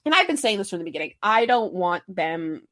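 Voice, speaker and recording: A woman hosting a podcast, talking fast and emphatically in casual fan chat. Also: lowish voice, dry recording. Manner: excitable, rapid, emphatic. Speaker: podcast host.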